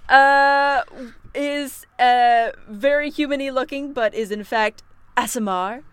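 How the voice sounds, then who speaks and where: High-voiced giggly woman player. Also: slow pace, fairly bright tone, smooth, no room sound. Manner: giggly, self-deprecating. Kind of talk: casual chat at a tabletop game.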